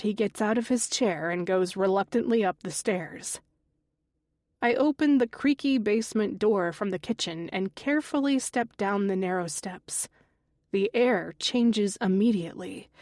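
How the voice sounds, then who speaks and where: A woman narrating a first-person mystery audiobook in a measured, even voice. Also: mid-range voice, no echo, studio quality.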